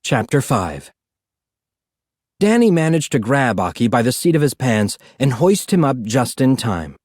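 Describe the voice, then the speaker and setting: Guy reading a storybook aloud, really animated, dry close sound. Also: mid-range voice, unhurried, dry recording. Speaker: audiobook narrator. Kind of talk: scripted storybook narration.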